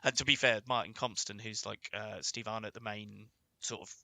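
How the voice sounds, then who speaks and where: A southern English man co-hosting a podcast, chatty and jokey. His voice is gravelly and strikingly bright. He is recorded dry and close to the mic. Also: lowish voice, fairly even intonation, normal speed, no echo. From southern England. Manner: chatty, jokey, talks over his co-host. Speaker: podcast co-host. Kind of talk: casual podcast chat.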